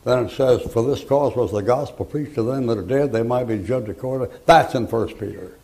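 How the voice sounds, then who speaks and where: A man's voice: medium pitch, a little fast, darkish tone. An older man preaching a folksy, joking sermon, acting out voices in his stories.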